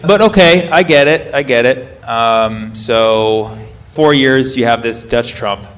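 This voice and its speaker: A man's voice: mid-range voice, takes it slowly, a bit bright. A man doing live stand-up crowd work on stage, quizzing the audience and correcting himself mid-sentence. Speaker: stand-up comedian. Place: comedy club stage. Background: audience laughter and room murmur.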